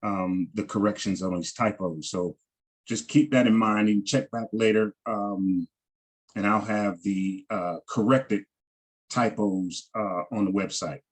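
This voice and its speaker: A man teaching a language class, slowly repeating each word and its pronunciation and checking in with "all right" as he goes. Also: on the low side, fairly even intonation, breathy edge. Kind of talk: slow vocabulary lesson over shared screen.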